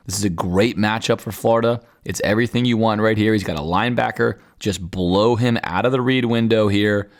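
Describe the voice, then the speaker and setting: A man hosting a podcast, talking viewers through football game film in a conversational, analytical way. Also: on the low side. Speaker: podcast host.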